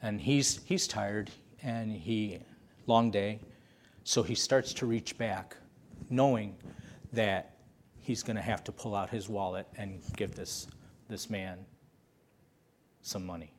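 A man's voice: fairly low pitch, slow pace, long pauses, a little hiss or hum. A man preaching a sermon, telling a story with passion and repeating phrases for emphasis.

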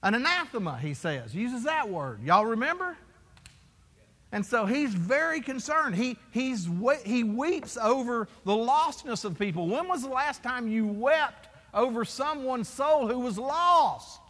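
A man's voice: extremely high pitch, very animated, unhurried, fairly bright tone. A man preaching a sermon as pastor, emphatic and full of rhetorical questions to his congregation. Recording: long hall reverb.

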